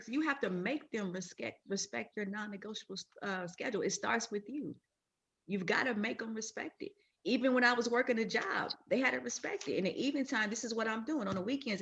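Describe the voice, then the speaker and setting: Bright emphatic woman on team training. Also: medium pitch, dull audio. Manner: emphatic, repeats key points. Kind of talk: motivational team training talk.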